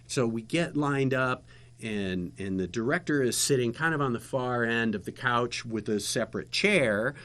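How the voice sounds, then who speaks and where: A man, a guest and former TV interviewer, telling a lively story in casual chat with laughter. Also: medium pitch, moderate pace.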